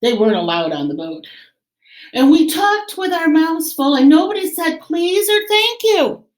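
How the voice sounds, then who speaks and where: A woman teacher reading a picture book aloud to children in an expressive, animated way. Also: very high-pitched, moderate pace, echoey room. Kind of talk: read-aloud story time for children.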